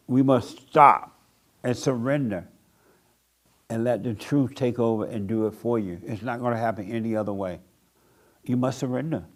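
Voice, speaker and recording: An older man preaching a blunt sermon to a small group, mocking people by acting them out in a higher voice. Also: darkish tone. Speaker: pastor.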